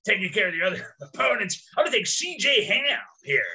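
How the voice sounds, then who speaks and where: A man co-hosting a casual podcast, joking around and bursting into loud, hammy announcer calls. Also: high-pitched, big pitch swings, brisk, creaky. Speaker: podcast co-host.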